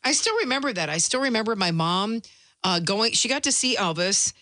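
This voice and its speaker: A woman's voice: medium pitch, expressive, fairly quick, pushed and bright, no room sound, clean studio sound. A woman hosting a casual chat, asking questions and telling a short story. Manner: brief reactions and a chatty anecdote.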